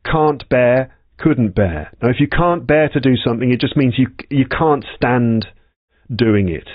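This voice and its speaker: Male language teacher, calm and methodical, walks through vocabulary step by step; dry, slightly muffled sound. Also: medium pitch, no room sound. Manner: slow, patient explanations with repetition. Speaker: English teacher. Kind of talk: explaining vocabulary from a story.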